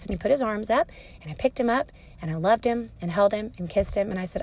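A woman in her thirties, a mother giving calm, patient advice to parents in an explanatory talk. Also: mid-range voice, quick pace. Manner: calm, patient, explanatory, soft-spoken at times. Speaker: parenting educator.

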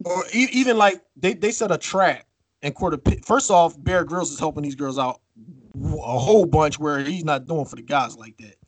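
A man cohosting a podcast, telling stories in a casual, profane, animated way. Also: fairly high pitch, moderate pace, no room sound. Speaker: podcast co-host.

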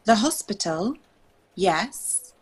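A woman's voice: medium pitch, sing-song, extremely slow, husky, heavily acted. A woman playing a dry young London actress. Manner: dry and exasperated.

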